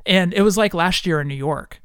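A man's voice: high-pitched, fairly quick, fairly bright tone, clean tone, no echo, clean studio sound. A man in his forties from the US West Coast, hosting a podcast and telling easygoing stories. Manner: easygoing storyteller, laughs often. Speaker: podcast host. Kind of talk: casual chat.

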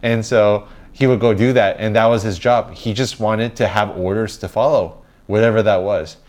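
A man's voice: on the low side, fairly even intonation, moderate pace, a little mellow. A man co-hosting a podcast, giving opinionated, joking film reviews in casual chat. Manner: opinionated, joking, with some restarts. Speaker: podcast co-host.

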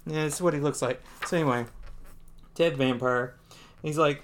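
A man's voice: fairly high pitch, steady tone, normal speed, pauses often. Male podcast co-host, casual and rambling, laughs through a comic recap. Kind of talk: casual comic book review chat.

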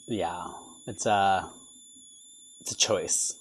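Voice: low voice, fairly even intonation, very slow, slightly rough. A guest on a podcast, chatting casually. The talk is loose and jokey. Easy laughs come between remarks. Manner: laughs often, loose and joking. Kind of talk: casual chat.

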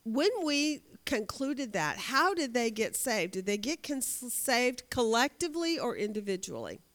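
A woman runs an interactive Bible class in a very animated way, her voice a little high, a bit bright, and a little slow. She asks the class questions, answers them herself, and often repeats words as she thinks aloud.

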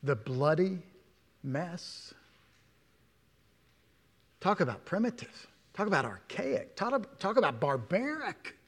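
A male pastor delivers a sermon in a church, his voice sitting a little high for a man. He punches key words, then falls to near-whispers and asks his listeners many questions. The sound rings with a long hall reverb. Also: sing-song, slow pace, pauses often, slightly rough. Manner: emphatic, swings between loud stresses and hushed asides, many rhetorical questions.

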